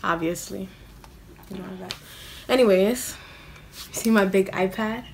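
A woman's voice: medium pitch, unhurried, a little mellow, a little hiss or hum. A young woman, chatting in a casual question-and-answer vlog. She is self-mocking and scatters "like" through her talk. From New York City. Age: young adult. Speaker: vlogger.

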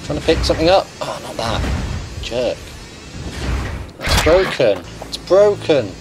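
A man's voice: fairly high pitch, very animated, unhurried. A man hosting a casual gameplay session, chatting and reacting aloud to the game. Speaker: gaming channel host. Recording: game music underneath.

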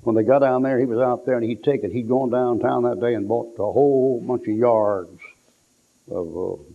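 A man's voice: mid-range voice, fairly even intonation, normal speed. A male preacher telling homespun stories in a rambling folksy sermon, with restarts and down-home phrasing. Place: church. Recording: tinny lo-fi tape.

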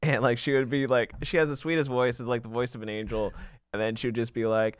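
A man's voice: medium pitch, little pitch movement, quick pace, clear, resonant tone, dry recording. A man co-hosting a podcast in casual chat, playful and often breaking into laughter. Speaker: podcast co-host.

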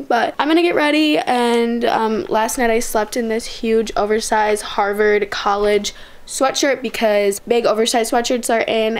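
A woman's voice: fairly high pitch, a little mellow. A young woman vlogging casually at home, chatty, with lots of fillers like "like" and "um". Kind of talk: casual vlog chat. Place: bedroom at a makeup vanity.

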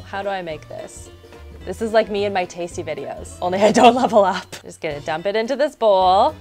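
A woman's voice: mid-range voice, fairly quick, faint music behind. Chatty young woman narrating her game. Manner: chatty, excitable, narrating each step aloud. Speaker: gaming YouTuber, host. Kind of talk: casual gameplay commentary.

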